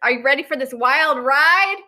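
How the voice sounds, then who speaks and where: A woman's voice: high voice, lively intonation, normal speed, bright, forceful tone. A woman comedian hosting a podcast in a casual, playful and bubbly way, joking as she talks.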